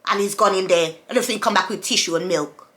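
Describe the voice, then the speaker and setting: A mother of several children vlogs to her camera in a casual monologue, ranting emphatically and repetitively with plenty of rhetorical questions. Her adult woman's voice is mid-range, quick-paced and sharp in tone.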